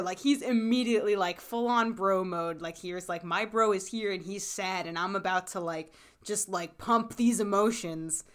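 A woman's voice: medium pitch, measured pace, fairly bright tone. A young woman co-hosting a casual recap chat, talking in a loose, chatty way with many fillers and frequent laughter. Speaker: podcast co-host.

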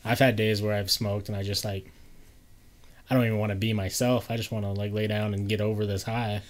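A man's voice: fairly low pitch, level tone, fairly quick. A man hosting a casual chat, laid-back, laughing often and telling loose stories.

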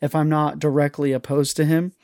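A man's voice: on the high side, level tone, fairly quick, darkish tone, dry recording, studio quality. A man talking as an interview guest, earnest and confessional, often restarting his sentences. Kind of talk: casual chat.

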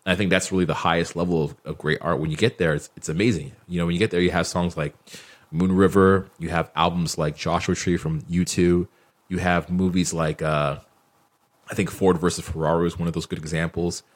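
A man's voice: low-pitched, fairly even intonation, fairly quick. A man in a casual podcast conversation, reflective and rambling, with lots of "like" and "you know.". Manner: reflective, rambling with many fillers.

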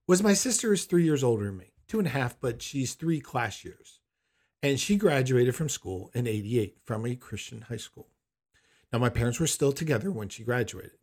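Husky middle-aged man telling a story. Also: medium pitch, expressive, moderate pace. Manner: emphatic, incredulous storytelling. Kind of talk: personal anecdote.

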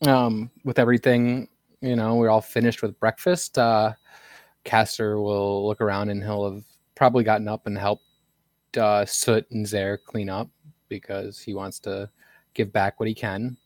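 A man with a lowish voice chats eagerly about his character at a tabletop game. The sound is dry and close, with no room around it. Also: flat delivery, unhurried, darkish tone, dry recording. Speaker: tabletop player. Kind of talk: tabletop play chat.

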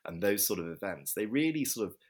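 Male vet, low and husky, earnest reflective storyteller in an interview. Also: sing-song, a little fast. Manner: earnest, reflective, acts out quoted voices.

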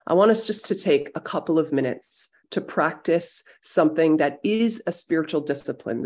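A woman leading a Bible study over a video call. She speaks gently and without hurry, with a gravelly edge in her voice, as she guides listeners into a quiet devotional moment. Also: deep voice. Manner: gentle, reflective, unhurried guiding. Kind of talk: devotional teaching, guided meditation.

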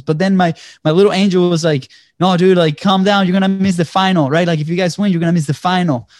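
Venezuelan-born guy telling a story, kinda high voice, dry close sound, keeps saying right?. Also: dry recording. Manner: animated storyteller, acts out quotes, frequent "right?". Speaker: guest. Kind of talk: storytelling in conversation.

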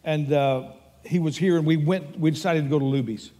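A man's voice: fairly high pitch, fairly quick, warm tone, in a large hall. An older man with a Texan accent preaching a sermon as pastor, earnest and emphatic as he tells stories.

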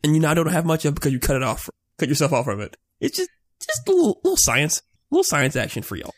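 Husky, excitable man on a podcast. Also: on the high side, fast talker. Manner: excitable, profane, sarcastic. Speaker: podcast co-host. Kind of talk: casual chat.

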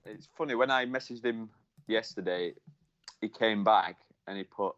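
Wry co-host, lo-fi sound. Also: male voice, fairly low pitch, fairly bright tone. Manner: wry, teasing, quick to laugh. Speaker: podcast co-host. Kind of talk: casual chat. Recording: dull lo-fi sound.

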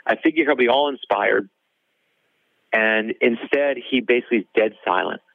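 A man's voice: on the low side, moderate pace, gravelly, no room sound. A male author telling a story in an interview, acting out the dialogue in it. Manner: animated storyteller, acts out dialogue. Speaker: author guest. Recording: dry tinny phone-like line.

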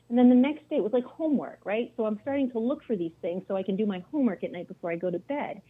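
Chatty woman coach on a phone line. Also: mid-range voice. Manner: chatty, anecdotal, many "like" fillers. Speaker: wellness coach. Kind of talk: casual podcast conversation. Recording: tinny phone-line sound.

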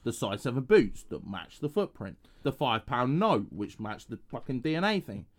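A man's voice: medium pitch, big pitch swings, normal speed. A man from England co-hosting a podcast, swearing constantly, laughing often and acting out voices in crude casual banter. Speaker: podcast co-host.

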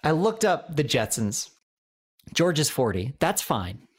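A man's voice: a little high, measured pace, husky. Guy chatting on a comedy podcast, keeps laughing while telling stories. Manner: animated storyteller, laughs often. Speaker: podcast co-host. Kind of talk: casual comedic chat.

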